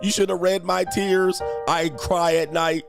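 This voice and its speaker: A man's voice: sits high, little pitch movement, measured pace, gravelly, music in the background, voice pushed up. A man voicing a self-pitying wife who is leaving her husband, with a whiny, theatrical pleading voice. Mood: whining. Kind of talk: comedic impression in a livestream rant.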